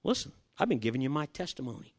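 A man's voice: medium pitch, very animated, quick pace. An older man preaching, telling a personal story with acted-out dialogue and chuckles. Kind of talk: sermon with personal testimony story.

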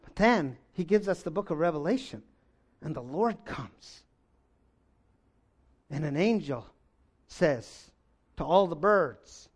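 A man preaching a sermon, reading scripture aloud and swinging between loud exclamations and low, intense stretches. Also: animated, measured pace, pauses often.

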